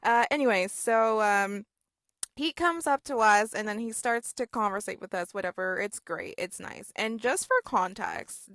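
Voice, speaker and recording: A young woman tells a story straight to camera, casual and sarcastic, with many "like"s and "okay?"s. Her voice sits at an ordinary pitch for a woman. The recording is close and dry, with no room sound. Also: fairly bright tone, dry recording. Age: 20s. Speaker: storytime vlogger.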